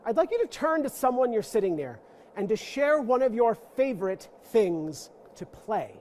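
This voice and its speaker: A guest lecturer gives an interactive talk to a church audience in a church forum room, playful and self-mocking with joking asides. His voice is very high-pitched with big pitch swings and a darkish tone, at a normal speed.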